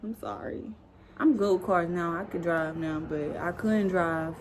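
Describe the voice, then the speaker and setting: A young woman vlogger telling a story casually, animated and acting out the dialogue. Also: on the low side, measured pace, slight background noise.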